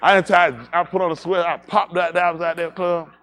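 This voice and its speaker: This man has a quick, high-pitched, fairly bright voice with fairly even intonation. Speaking at a livestreamed congregation, he laughs his way through an anecdote, keeps repeating "I said", draws a moral, and ends with blunt warnings for young listeners.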